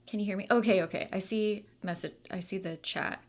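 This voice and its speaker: A woman's voice: medium pitch, steady tone, moderate pace. A woman hosting a book club livestream, chatting casually and reading viewer comments aloud with lots of fillers.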